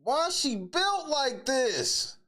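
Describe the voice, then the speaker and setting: A man's voice: very high-pitched, big pitch swings, slow, sharp tone. A man reacting to a video in casual, profane, mocking chat, often breaking into laughter.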